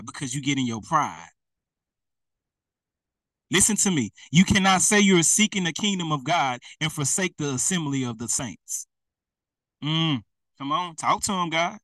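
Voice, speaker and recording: Young preacher guy, high bright voice, chatty and laughing, sounds a bit far off. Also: no room sound. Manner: lively, conversational, laughs often. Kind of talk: sermon.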